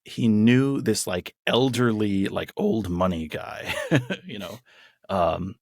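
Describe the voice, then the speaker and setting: Husky low-voiced man, chatty. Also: lively intonation, takes it slowly, a little mellow, dry recording, clean studio sound. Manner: enthusiastic, rambling with restarts. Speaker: podcast co-host. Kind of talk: casual chat.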